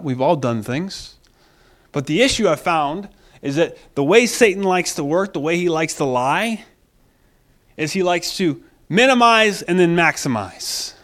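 A man's voice: high voice, a bit bright. A man pastor preaching a sermon, emphatic, acting out quoted voices and repeating phrases for stress.

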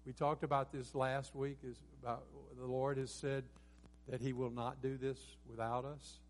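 A man preaching a sermon as pastor, earnest and rising to emphatic peaks, with frequent restarts. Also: medium pitch. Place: church sanctuary.

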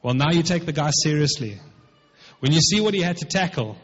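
A male preacher with a fairly high, husky voice explains a scripture passage in a conversational way, stopping often for asides. The sound is dull and lo-fi, and a long echo rings around a large hall. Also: animated, fairly quick. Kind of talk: sermon, retelling a scripture passage.

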